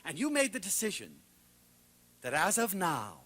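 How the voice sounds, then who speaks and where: Animated man telling stories to an audience. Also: sits high, moderate pace. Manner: animated storyteller, swings from loud exclamations to hushed asides. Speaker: lecturer. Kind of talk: passionate public talk.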